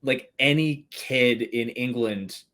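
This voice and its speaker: A man's voice: medium pitch, slow, a bit bright. A young man telling stories as a podcast guest in a rambling, casual way, swearing often and laughing between words. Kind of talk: casual storytelling chat.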